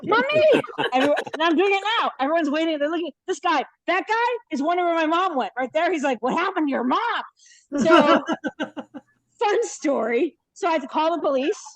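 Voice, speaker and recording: A woman in her fifties telling an animated comic story in a live virtual stand-up set over a video call. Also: extremely high pitch, a little fast, dry recording, poor audio. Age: 50s. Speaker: stand-up comedian. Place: hotel room. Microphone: laptop webcam on a video call.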